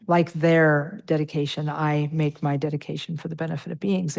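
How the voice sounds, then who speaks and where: A woman's voice: low voice, darkish tone. A middle-aged woman teaching a Buddhist meditation class, patiently walking through pronunciation with many fillers.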